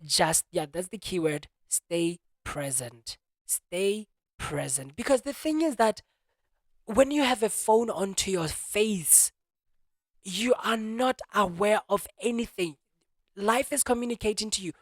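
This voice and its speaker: Young guy rambling animated to cam, lots of restarts, dry room. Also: high-pitched, measured pace, no room sound. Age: young adult. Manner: animated, many restarts and repeated words. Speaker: vlogger. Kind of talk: casual monologue.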